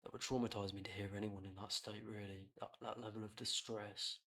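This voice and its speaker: Blunt, lower-voiced man. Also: flat delivery, brisk, fairly bright tone. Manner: blunt and reflective, swears freely. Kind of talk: candid personal podcast talk.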